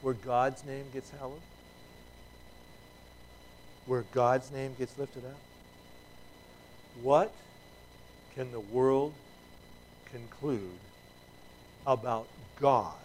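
A man's voice: mid-range voice, steady tone, extremely slow, long pauses, a little mellow, a little hiss or hum, poor audio. A middle-aged man preaching a sermon in a conversational way, with asides and restarts and emphatic peaks. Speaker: pastor.

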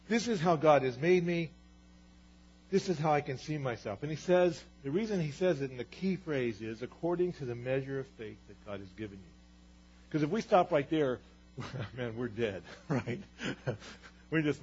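A man's voice: a little high, darkish tone, slightly rough. A man preaching a sermon as pastor, earnest and building to emphatic repeated declarations. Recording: dull, lo-fi sermon recording.

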